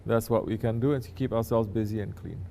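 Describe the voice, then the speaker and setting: A man's voice: lowish voice, fairly even intonation, fast, vocal fry, mellow, a little hiss or hum. A man, a sheikh, teaching his disciples in a conversational sermon, often turning to ask listeners if they understand.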